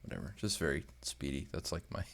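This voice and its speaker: Gravelly man rambling while he draws. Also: a bass voice, animated, fast. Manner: thinks aloud, unsure and self-deprecating. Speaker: amateur artist hosting a drawing channel. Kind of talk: casual rambling while drawing.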